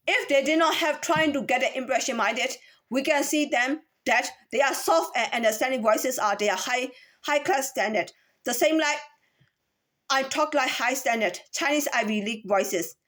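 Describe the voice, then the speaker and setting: A woman whose voice sits high and sounds fairly bright gives a lecturing monologue as a voice coach. She switches between voices to demonstrate them, repeating herself in an insistent way.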